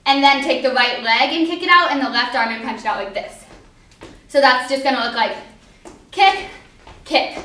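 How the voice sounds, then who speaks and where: High-voiced young woman teaching dance steps. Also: brisk, pushed and bright. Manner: upbeat, counting out moves. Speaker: dance instructor. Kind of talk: instructional dance walkthrough. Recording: echoey hall, voice from far off.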